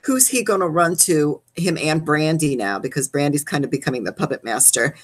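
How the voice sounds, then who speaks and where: A woman co-hosting a reality show recap, ranting casually with sassy, profane swings in pitch. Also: a little fast. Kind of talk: casual rant.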